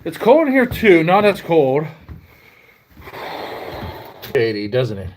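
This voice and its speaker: A man's voice: on the high side, wildly swooping pitch, takes it slowly, low-quality recording. A man, vlogging on a phone as he walks outdoors, rambling and joking with mock-outraged outbursts. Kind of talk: joking vlog while walking in snow. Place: outdoors in snowy wind. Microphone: phone held while walking. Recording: loud wind noise on phone mic. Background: wind.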